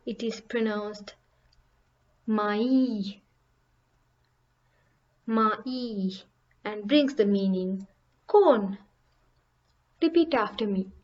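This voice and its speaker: A woman's voice: mid-range voice, darkish tone, lo-fi sound. A woman teaching a beginner language lesson, saying each example word carefully and repeating it for learners to copy. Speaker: French teacher.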